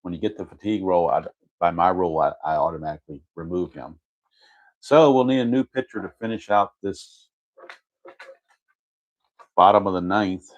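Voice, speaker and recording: A man's voice: low-pitched, moderate pace, long pauses, highs cut off. A man narrating his tabletop baseball game replay in a casual play-by-play, methodically reading out dice rolls and chart results and correcting himself as he goes.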